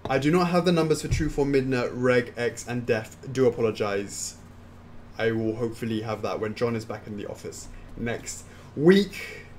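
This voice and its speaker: A man's voice: medium pitch, normal speed, darkish tone, slight background noise. A man hosting a casual Q&A stream, reading viewer questions aloud and answering them offhand. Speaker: host answering fan questions. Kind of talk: casual livestream Q&A.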